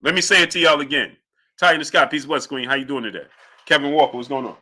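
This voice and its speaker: A man's voice: on the high side, fast talker, bright, forceful tone. A man hosting a live-stream boxing show, talking emphatically, repeating his points and greeting chat viewers by name. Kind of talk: live-stream sports commentary.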